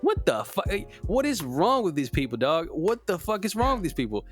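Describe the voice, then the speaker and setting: A man's voice: high voice, very animated, normal speed, soft background music. A man co-hosting a sports podcast, ranting in casual, profane, heated chat. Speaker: podcast co-host.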